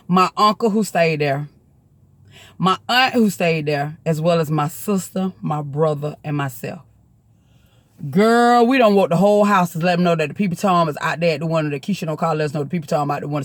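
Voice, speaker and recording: A woman with a Southern US accent telling a story in a chatty, profane, animated way to the camera. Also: mid-range voice, no room sound.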